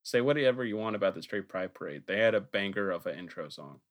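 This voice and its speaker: Male podcast host, lowish voice, casual and profane, quick to laugh. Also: expressive. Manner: joking, swearing, laughs often.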